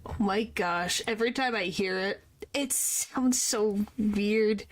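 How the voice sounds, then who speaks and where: Speaking slowly in a medium-pitched voice, a young woman offers casual commentary while streaming a game, talking to her viewers and letting out rambling exclamations.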